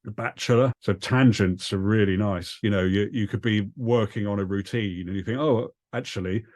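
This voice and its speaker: A man teaching a comedy writing class over a video call, explaining in a relaxed way. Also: lowish voice, moderate pace, dry recording, studio quality.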